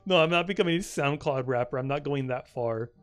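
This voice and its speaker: A young man streaming a video game and commenting casually, excitable and rambling, swearing often and filling his speech with "like". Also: mid-range voice, a little fast, soft background music.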